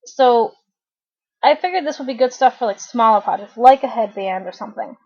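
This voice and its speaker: A woman in her thirties giving a casual, chatty knitting tutorial to her webcam at home, often clearing her throat. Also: on the high side, brisk, a little mellow. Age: 30s. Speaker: craft tutorial host. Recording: dull lo-fi webcam audio.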